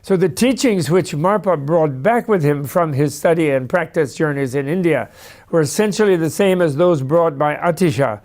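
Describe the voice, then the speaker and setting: A man's voice: on the high side, moderate pace, darkish tone. A man lecturing in a discursive, anecdotal way, with asides and small stories. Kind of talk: storytelling lecture.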